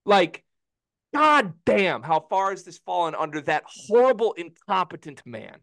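A man's voice: very animated, vocal fry, a bit bright, no room sound. Fired-up man ranting on a podcast. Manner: heated, ranting, voice climbing high when angry; quick explanatory delivery. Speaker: podcast co-host. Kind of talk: college basketball podcast rant.

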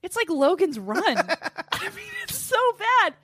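A woman's voice: very high-pitched, slow pace, no echo. Woman podcast cohost, laughs a ton, swears, dry close mic. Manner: laughs often, swears, animated storytelling. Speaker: podcast co-host. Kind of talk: casual comedic chat.

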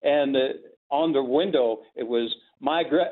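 A man's voice: medium pitch, measured pace. Older man, chuckling storyteller, rambling anecdotes, tinny phone-like sound. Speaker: podcast guest, former sportscaster. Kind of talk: casual storytelling.

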